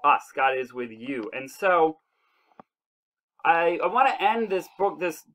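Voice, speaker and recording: A young man leading an online church devotional, talking in a casual, earnest way and slowing down to stress his points. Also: on the high side, big pitch swings, fairly bright tone, a little hiss or hum, poor audio. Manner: earnest, conversational, with restarts and slow emphasis. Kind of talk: casual online Bible lesson.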